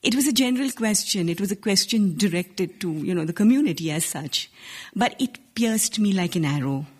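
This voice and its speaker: A woman in her forties from India with an Indian accent, telling a personal story live on stage in an earnest, measured way with small restarts. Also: mid-range voice, lively intonation, a little mellow, husky. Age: 40s. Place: stage before a live audience.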